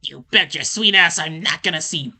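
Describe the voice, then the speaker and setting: Guy doing a gruff deranged villain teen, loud and sneery, kinda raised pitch. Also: moderate pace, soft background music, heavily acted. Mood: ranting. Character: deranged young male villain, gruff, ranting.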